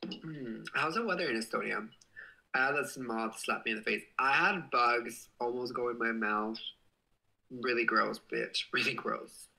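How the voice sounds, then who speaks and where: A man's voice: medium pitch, measured pace, vocal fry, pushed and bright, rough recording. A young man hosting a casual livestream, reading out viewer comments in a bubbly, giggly way and swearing playfully. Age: young adult. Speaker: livestream host.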